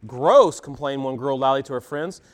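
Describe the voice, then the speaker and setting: A man's voice: on the high side, normal speed. A male pastor giving a conversational sermon to his congregation, asking them reflective questions. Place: church service before a congregation.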